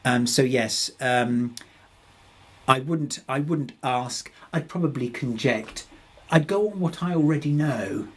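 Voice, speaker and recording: Husky man answering webinar questions. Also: mid-range voice, slow, a bit bright. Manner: hesitant, many restarts and fillers, reads out questions. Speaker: webinar presenter. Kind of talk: live webinar Q&A.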